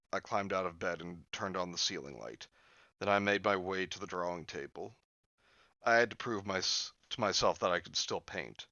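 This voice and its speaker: Man host, low bright voice, reads a horror story with joking commentary. Dry, lo-fi sound. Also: no room sound. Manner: jokey asides, chuckles at the story.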